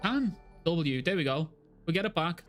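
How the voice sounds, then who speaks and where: A young man live streaming, reacting to chat messages with excitable, heavily profane talk. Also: a little high, normal speed, soft background music.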